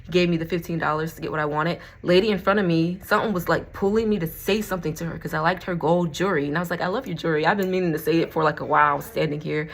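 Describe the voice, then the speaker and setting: Woman vlogging from home, low-ish voice, rambly and giggly, lots of y'all. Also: rapid-fire, creaky, hardly any pauses. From Florida. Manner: chatty and rambling, laughs often, says y'all. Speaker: vlogger and crystal seller. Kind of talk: casual chat to camera.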